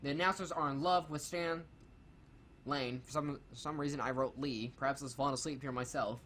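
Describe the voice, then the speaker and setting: A man's voice: medium pitch, steady tone, a little fast, a bit bright, slight background noise. A man co-hosting a casual review of a wrestling show, reading his notes aloud, swearing freely and making sarcastic jokes. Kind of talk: casual, profane review commentary.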